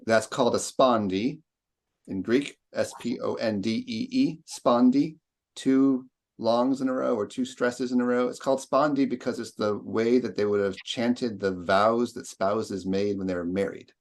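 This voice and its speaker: A man's voice: mid-range voice, measured pace, darkish tone. A man leading a seminar discussion, thinking aloud and reciting lines with exaggerated stress. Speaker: lecturer.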